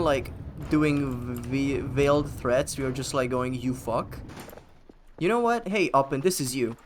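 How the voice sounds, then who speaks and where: A male streamer with a mid-range voice gives casual live gameplay commentary over background noise. He's sardonic and foul-mouthed, joking around with his chat.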